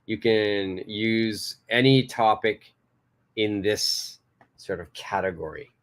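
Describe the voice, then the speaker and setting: Speaking slowly in a fairly low voice, a man leads a live online English class for beginners. He praises students and emphasizes key words in his explanations.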